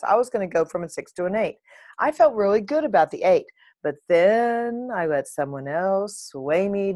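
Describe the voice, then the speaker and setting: A middle-aged woman telling a chatty, animated story to her viewers, with a playful, sometimes profane manner. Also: on the low side, no room sound, clean studio sound. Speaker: vlogger. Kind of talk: casual talking-to-camera monologue.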